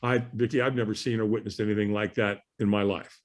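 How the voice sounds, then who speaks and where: A man telling an animated story as a guest on an interview podcast, acting out the voices of people in it. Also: lowish voice, quick pace.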